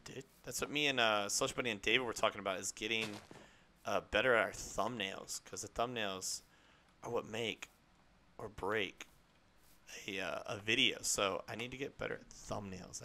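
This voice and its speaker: A young man streaming a game live, chatting in a rambling, excitable way to his viewers and to the creatures on screen. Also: mid-range voice, slight background noise. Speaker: gaming streamer. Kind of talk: live gameplay chat.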